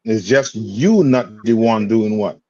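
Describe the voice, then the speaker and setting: A man's voice: on the low side, slow pace, a little mellow, no room sound. Male religious teacher, streetwise and repetitive, in a dull, dry recording. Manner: repetitive questioning, streetwise phrasing. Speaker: class teacher.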